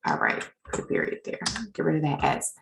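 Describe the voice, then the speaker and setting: A woman's voice: low voice, huge pitch swings, fairly quick, gravelly, background noise. A woman teaching legal writing in an informal recorded lecture, chatty and self-deprecating as she edits her slides.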